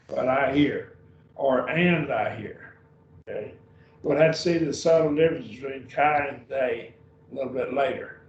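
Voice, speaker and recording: A patient man teaches a beginner Greek class at a church, often checking that his students are keeping up. His voice sits at medium pitch and moves unhurriedly, with a slight hiss or hum. The classroom recording sounds dull, roomy and distant.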